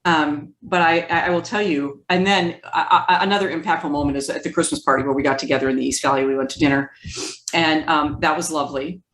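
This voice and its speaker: A woman being interviewed as a therapist, telling stories in a lively way and acting out the quoted speech. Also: sits low, quick pace, echoey room. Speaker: guest therapist. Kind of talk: conversational interview.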